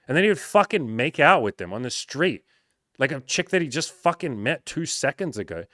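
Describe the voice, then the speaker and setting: A man's voice: lowish voice, very animated, quick pace, fairly bright tone, dry recording, clean studio sound. A young man in casual advice talk as a dating coach, hyped and profane, calling the listener "bro" and acting out the quotes.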